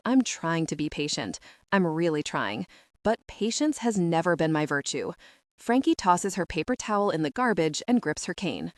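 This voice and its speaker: Female audiobook narrator, first person, reflective, lower pitch, dry studio sound. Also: expressive, normal speed, dry recording.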